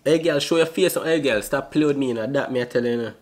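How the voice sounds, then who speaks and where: A man's voice: mid-range voice, fast. A man with a Jamaican accent, a vlogger, chatting in a pushy, joking, slangy way on a video chat app. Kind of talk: casual video chat banter.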